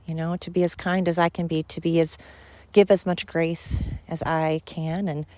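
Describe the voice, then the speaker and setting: A woman with a fairly low voice talks straight to her podcast listeners in a heartfelt, rambling monologue that is full of fillers and repeated points. She sounds slightly winded, as if speaking while walking outdoors. The recording is dry and close. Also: little pitch movement, moderate pace, darkish tone, no room sound. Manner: earnest, rambling, emphatic with many fillers. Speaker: podcast host. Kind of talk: casual monologue.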